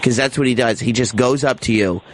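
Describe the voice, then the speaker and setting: A man hosting a talk show, telling stories in a lively way and laughing through them. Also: mid-range voice, brisk, slight background noise. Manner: animated storyteller, laughs through his anecdotes. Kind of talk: casual radio chat, storytelling.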